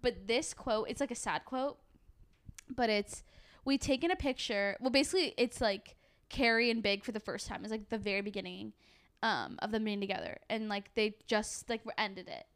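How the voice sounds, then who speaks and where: A young adult woman in casual chat, telling stories in an animated way, full of "like" and swearing. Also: mid-range voice, moderate pace. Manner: animated storytelling, heavy swearing and "like" fillers.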